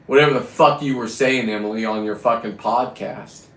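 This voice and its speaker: A man's voice: mid-range voice, normal speed, fairly bright tone. A middle-aged man rambling through a profane, boastful casual monologue to his viewers. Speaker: vlogger. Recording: echoey room.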